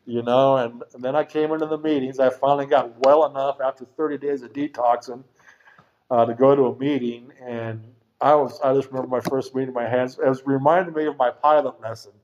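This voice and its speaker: A man's voice: medium pitch, fairly even intonation, fairly quick, a little mellow, a little hiss or hum. Frank rambling middle-aged man. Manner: rambling, frank, swears casually. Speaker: speaker sharing a recovery story. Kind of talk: personal testimony at a recovery meeting. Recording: dull lo-fi recording.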